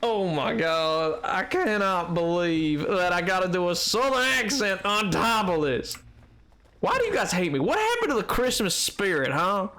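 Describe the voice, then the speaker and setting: A young man with a cold, streaming a game live and talking with his chat in an animated, exasperated, joking way. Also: high-pitched, a little slow. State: has a cold. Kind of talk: live gameplay commentary.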